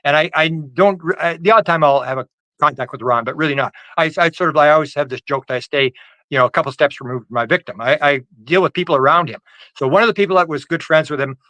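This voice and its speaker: A man's voice: on the high side, fast, sharp tone, no echo, low-quality recording. A man guest on an interview over a video call, telling a story animatedly, with frequent restarts and stammers and quoted lines acted out in a raised voice. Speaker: guest UFO researcher. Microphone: video call microphone.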